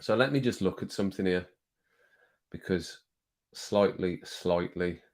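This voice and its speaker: A man with a lowish voice chats loosely with his live viewers from a home streaming desk. He rambles from one thing to the next, laughs a lot and swears freely, close to a desk microphone. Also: unhurried, a little mellow. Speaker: livestream host. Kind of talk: casual chat with live viewers.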